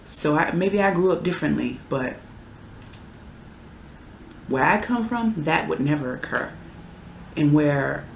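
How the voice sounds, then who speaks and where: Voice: mid-range voice, vocal fry, a little hiss or hum. A vlogger in their twenties delivering a heated, exasperated rant with sudden outbursts in a casual vlog. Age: 20s. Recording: roomy echo.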